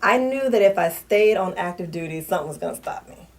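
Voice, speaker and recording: A woman's voice: lowish voice, animated, fast. A middle-aged woman from New Orleans with a New Orleans accent, a guest on a talk show, speaking candidly and with animation. She laughs often and restarts her sentences as she talks. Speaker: talk show guest, retired Army officer. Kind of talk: casual interview conversation.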